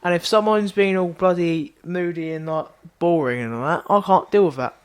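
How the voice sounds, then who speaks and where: Man, young, rambling, stumbling, higher pitch. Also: normal speed, clear, resonant tone. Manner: rambling, stumbles over words. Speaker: podcast co-host. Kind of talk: casual chat.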